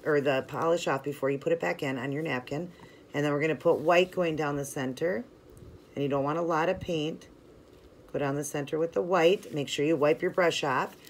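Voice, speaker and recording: Low-voiced woman chatting through a tutorial. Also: a little hiss or hum. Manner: chatty and friendly, filler-heavy ("like", "you know"); instructive, talks while working hands-on. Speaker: nail art channel host. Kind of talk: casual step-by-step tutorial narration.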